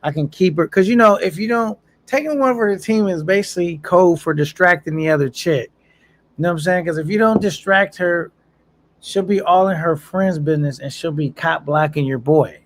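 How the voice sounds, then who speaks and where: A man's voice: high voice, normal speed. A man casually chatting on a live stream, reading viewer comments aloud in a laid-back, slangy way and laughing often.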